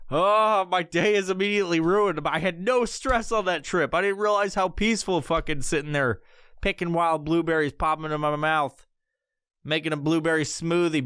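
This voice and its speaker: A young adult man rants on his podcast in a loose, profane, animated way, often jumping into squeaky high voices to act out a bit. His voice sits fairly high and sounds smooth and clear. The sound is close and dry. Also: no echo. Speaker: podcast host. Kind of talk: casual comedic podcast rant.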